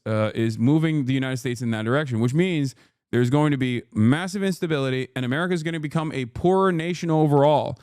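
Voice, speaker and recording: A man's voice: medium pitch, a little mellow, smooth, dry recording, clean studio sound. A man streaming political commentary, reacting to news clips in a profane, exasperated way and often mocking others in put-on voices.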